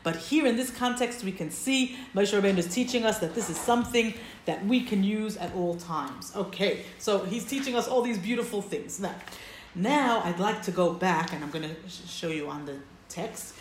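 A woman leads a text-study class at a middle pitch, walking through each point and checking in with her listeners. Her voice carries a noticeable roomy echo. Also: moderate pace, a little hiss or hum. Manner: explains step by step, checks in with "right?". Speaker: Torah teacher.

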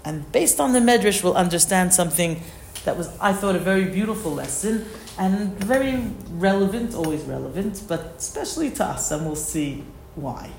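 A woman's voice: lowish voice, expressive, normal speed, vocal fry, a little mellow, reverberant, a little hiss or hum. A woman teaching a text study class, reading passages aloud and then explaining each one plainly. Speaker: Torah teacher.

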